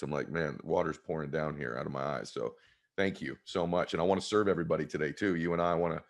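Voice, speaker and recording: A man telling a personal story as a guest in an interview, earnest and choked up with emotion. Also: low voice. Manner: earnest, heartfelt. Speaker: guest author.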